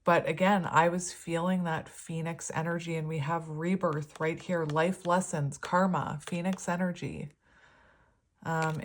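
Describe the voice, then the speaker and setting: A woman giving a casual, rambling tarot reading, her words slightly slurred. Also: lowish voice. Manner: rambling, chatty, laughs often. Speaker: tarot reader.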